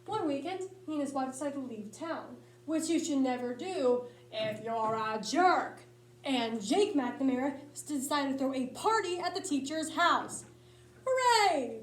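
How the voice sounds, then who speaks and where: A woman with a high voice delivers a comedic monologue in punchy, lively storytelling. The sound carries a roomy echo from the space she's in. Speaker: speech tournament competitor.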